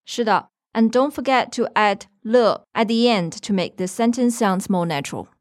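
This woman's mid-range voice moves at a moderate pace as she hosts a language lesson podcast from a studio in Beijing. She takes her time with explanations and gives example sentences along the way.

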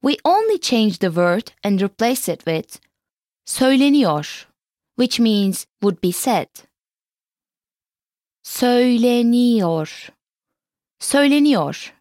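A woman hosting a scripted language lesson, saying each phrase slowly and clearly and repeating it. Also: on the high side, very animated, a little mellow, no room sound, studio quality. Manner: slow, clearly enunciated repetition of phrases.

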